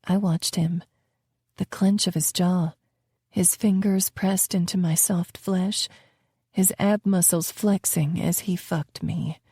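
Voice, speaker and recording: A woman narrating a romance audiobook in a slow, intimate way, sometimes dropping to a whisper. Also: on the low side, fairly even intonation, dark tone, husky, no echo, clean studio sound.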